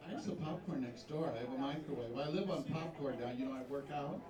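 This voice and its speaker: A man's voice: medium pitch, quick pace. A man hosting a pageant on stage, bantering and teasing the audience and contestants between questions. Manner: chatty, teasing, jokey asides to the crowd. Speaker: pageant host. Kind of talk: live stage emcee banter. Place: large hall with live audience. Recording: echoey hall, distant mic, crowd noise.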